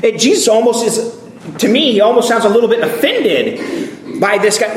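High-voiced pastor preaching in an echoey room. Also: male voice, moderate pace. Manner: expressive Bible reading, acting out quoted voices. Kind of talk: sermon.

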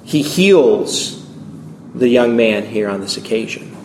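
A man's voice: medium pitch, expressive, slow, reverberant, slight background noise. A man preaching a sermon as pastor, reading scripture aloud and acting out the quoted voices with feeling.

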